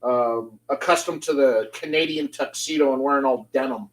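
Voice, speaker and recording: A man's voice: medium pitch, normal speed, low-quality recording. A man hosting an interview show, teasing his guest in an easygoing, casual chat. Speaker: show host.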